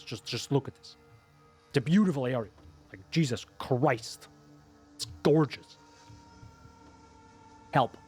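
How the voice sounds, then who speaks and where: A man chats through a live gaming stream, drifting from thought to thought as he addresses his viewers. His voice sits a little on the high side, with soft music under it. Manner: rambling, chatty, talks to viewers. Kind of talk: live gameplay commentary.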